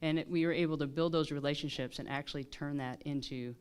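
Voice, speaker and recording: A woman's voice: low-pitched, fairly even intonation, fast talker, clean tone. A woman, a military pilot on a panel, telling a story with many restarts and fillers.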